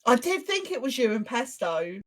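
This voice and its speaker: A young woman with a slightly high voice spins a funny story in a relaxed podcast chat, acting out the voices of the people in it. She drops in casual swearing and keeps the pace loose and conversational. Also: moderate pace. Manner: animated anecdotes, acts out quoted voices, swears casually. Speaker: podcast co-host.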